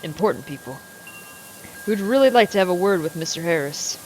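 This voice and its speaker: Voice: mid-range voice, lively intonation, fairly quick, a little hiss or hum, natural voice. A streamer voicing a courteous city private eye. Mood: polite. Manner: formal and courteous. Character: polite male private investigator from the city. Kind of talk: voicing a game character while co-streaming.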